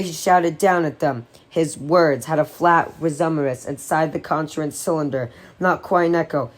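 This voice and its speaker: A woman's voice: sits low, normal speed, hardly any pauses. A woman reading a novel aloud, with occasional slips and self-corrections. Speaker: audiobook reader.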